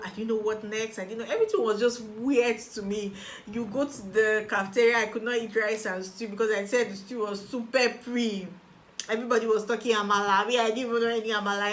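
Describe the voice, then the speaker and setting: A young Nigerian woman telling her personal story as a guest, animated and acting out the voices of people she quotes. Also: medium pitch, slight background noise. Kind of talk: personal testimony.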